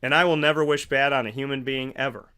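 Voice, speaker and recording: A man's voice: mid-range voice, fairly even intonation, fast talker, pushed and bright, clean tone. A male host giving a preachy motivational morning monologue, asking rhetorical questions and repeating phrases for emphasis. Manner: acts out both sides of imagined conversations.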